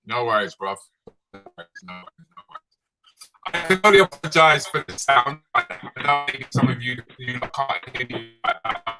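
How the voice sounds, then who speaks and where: A man hosting a chat show, talking in a halting, apologetic way. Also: medium pitch, animated, pushed and bright, faint music behind, rough recording. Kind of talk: casual chat.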